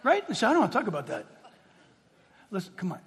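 A man preaching a sermon in an animated way, firing rhetorical questions at the congregation in a church. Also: high voice, fast talker. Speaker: pastor. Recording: long reverb of a large hall.

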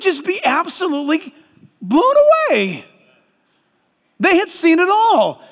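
A man preaching a sermon as a pastor, animated and acting out voices in the quotes. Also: very high-pitched, measured pace, long reverb tail.

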